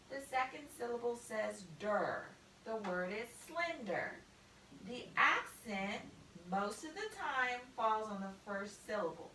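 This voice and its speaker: A woman teaches a spelling lesson, spelling words out letter by letter. Her voice is highish and bright, and she speaks very slowly and carefully. She sounds set back from the mic in a roomy, echoing space. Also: slight background noise. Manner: slow, deliberate, spells out letters. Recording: echoey room, mic at a distance.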